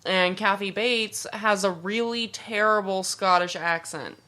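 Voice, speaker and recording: A woman's voice: mid-range voice, a little slow, sharp tone. A woman chatting casually on a podcast, blunt and swearing freely. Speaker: podcast co-host. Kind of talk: casual chat.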